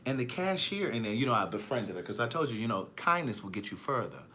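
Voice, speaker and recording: Male vlogger, sassy and animated, bright voice, pitch swings widely. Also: fast talker, slight background noise. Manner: sassy, animated, reads viewer comments aloud. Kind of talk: live-stream chat.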